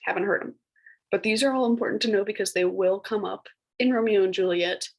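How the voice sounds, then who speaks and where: A young woman teacher talks through a recorded classroom lesson in a casual, chatty way, using many filler words and playful put-on voices for old phrases. Her voice is medium-pitched and brisk with vocal fry, and the recording quality is low.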